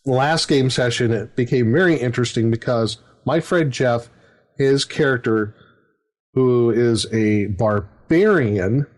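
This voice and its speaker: A man's voice: medium pitch, a little slow. Rambling middle-aged man telling a game story. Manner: rambling, with many fillers and chuckles. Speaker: podcast host and game master. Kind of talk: casual anecdote chat.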